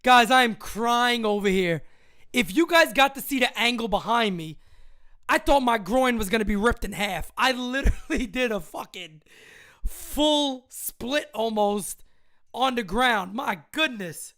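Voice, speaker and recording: A young man hosting a fan livestream of a live game, excitable and loud, swearing freely and laughing often. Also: very high voice, measured pace. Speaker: livestream host.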